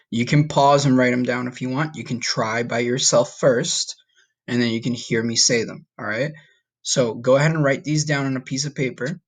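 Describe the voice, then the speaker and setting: A man teaching a recorded Spanish lesson to students, encouraging and casual, slowing down to model each word. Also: medium pitch, fairly bright tone. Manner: encouraging, talks straight to students, repeats words slowly to model pronunciation.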